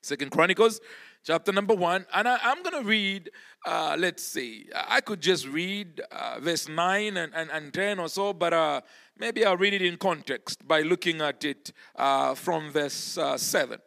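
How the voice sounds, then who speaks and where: A man's voice: fairly high pitch, measured pace, gravelly, sharp tone. A male pastor preaching a church sermon, emphatic and driving his points home by repeating key words. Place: church service.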